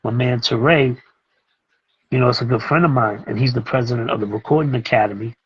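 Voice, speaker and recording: A middle-aged man, a music producer and teacher talking as a guest in a casual interview, telling animated stories and acting out what others said. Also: mid-range voice, a little fast, husky, lo-fi sound. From Brooklyn, New York. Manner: animated, acts out other people's lines as he tells a story.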